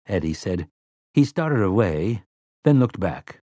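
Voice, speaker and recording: A man narrating an audiobook in measured, expressive storytelling. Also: sits low, husky, dry recording, clean studio sound. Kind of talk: scripted narration.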